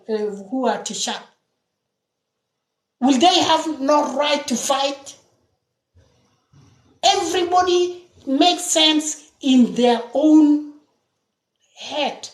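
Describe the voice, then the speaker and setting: Impassioned woman activist. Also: sits high. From South Sudan. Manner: emphatic, rhetorical questions, frequent restarts. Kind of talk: impassioned political talk. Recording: roomy echo.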